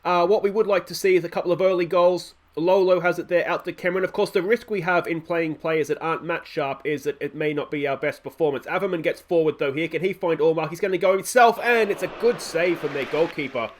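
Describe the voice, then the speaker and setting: A man's voice: on the high side, fast, few pauses. Chatty man calling a football game. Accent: Australian. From Australia. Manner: chatty, self-mocking, calls play like a commentator. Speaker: gaming YouTuber. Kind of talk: let's play commentary.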